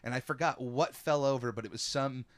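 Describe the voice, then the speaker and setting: A young man hosting a podcast, telling stories in a casual, animated way. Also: mid-range voice, no echo. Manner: animated storyteller, quick asides. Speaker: podcast host. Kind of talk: casual chat.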